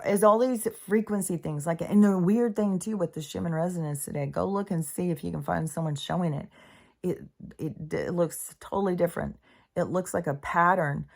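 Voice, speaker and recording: A woman's voice: lowish voice, creaky, a little mellow. A middle-aged woman vlogging about spirituality in a meandering, casual monologue, full of fillers and swearing.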